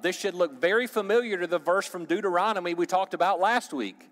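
A man's voice: sits high, brisk, hardly any pauses, fairly bright tone, big-room sound. A man teaching a sermon to a church group in a conversational way, asking the audience questions and joking. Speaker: pastor or Bible teacher.

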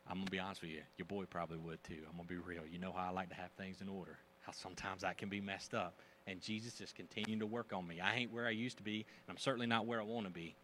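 A man preaching a sermon in a conversational, animated way, using casual slang. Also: fairly low pitch, a little hiss or hum. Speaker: pastor.

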